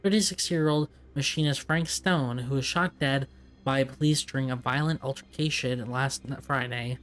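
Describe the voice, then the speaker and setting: A man's voice: mid-range voice, steady tone, normal speed, a bit bright. A man playing a story game, casually chatting and reading in-game documents aloud, often chuckling and stumbling over tricky words. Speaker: let's play gamer.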